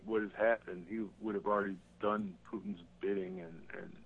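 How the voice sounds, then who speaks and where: A man calling in to a talk show, talking casually and haltingly about politics, often repeating words. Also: fairly low pitch, fairly even intonation, slight background noise. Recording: tinny phone line.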